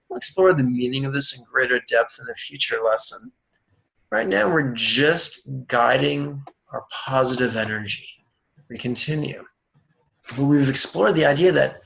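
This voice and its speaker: A man leading a guided meditation as its teacher, speaking in a slow, measured way and dropping dry jokes between chants. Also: mid-range voice, gravelly, a bit bright, lo-fi sound.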